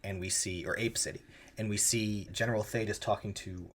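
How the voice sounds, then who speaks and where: A man with a very low voice, chatting casually as he walks through a film's plot. He slips in offhand quoted lines as he goes. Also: fairly even intonation, fairly quick, a bit bright. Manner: retells scenes with loose, offhand voiced quotes. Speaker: podcast co-host. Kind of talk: casual movie recap chat.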